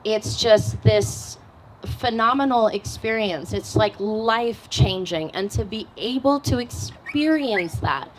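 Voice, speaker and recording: A woman who leads an outdoor nonprofit, speaking earnestly and with feeling on a live panel, with frequent pauses and fillers. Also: a little high, a little hiss or hum, rough recording. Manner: earnest and heartfelt, many fillers. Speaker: nonprofit outdoor group leader. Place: live event at a cafe.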